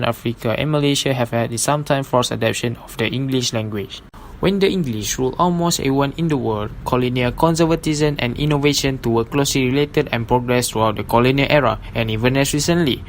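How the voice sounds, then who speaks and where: A man's voice: mid-range voice, a little hiss or hum, poor audio. A young man in a class presentation, reading a formal argument in an earnest way. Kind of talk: read-aloud class presentation.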